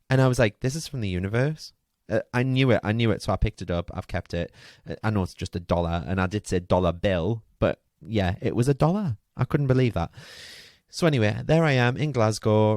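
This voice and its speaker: A man's voice: lowish voice, a little mellow, dry recording, studio quality. A man hosting a podcast, telling a rambling, chatty story full of asides and fillers. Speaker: podcast host. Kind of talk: casual storytelling monologue.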